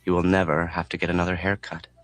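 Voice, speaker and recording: A man reading an audiobook in a measured, deadpan way. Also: low-pitched, no room sound, faint music behind. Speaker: audiobook narrator. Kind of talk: audiobook narration.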